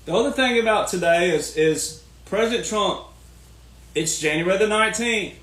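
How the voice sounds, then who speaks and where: A man's voice: high voice, moderate pace, fairly bright tone. A man delivering a folksy, preachy political rant, repeating his points. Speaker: commentary host. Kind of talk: ranting political monologue. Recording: roomy echo.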